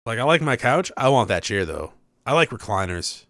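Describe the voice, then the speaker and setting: A man's voice: medium pitch, big pitch swings, moderate pace, a bit bright, dry recording, clean studio sound. A young man rambling casually as he comments on a video game he is playing, laughing and correcting himself. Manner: chatty, rambling asides with laughs and self-corrections. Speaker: let's play host.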